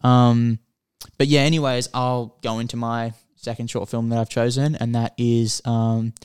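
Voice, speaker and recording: A man co-hosts a casual podcast, walking through a film's plot in an animated, rambling way. His voice is smooth and clear, recorded close and dry with no room sound. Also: medium pitch, a little slow, dry recording. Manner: rambling, animated storytelling with filler words. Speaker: podcast co-host. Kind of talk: casual film chat.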